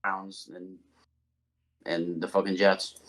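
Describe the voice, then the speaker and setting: A man's voice: deep voice, flat delivery, slow. Blunt, swearing man on a podcast. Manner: blunt, swearing, gets louder when worked up. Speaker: podcast guest panelist. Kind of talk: casual sports chat.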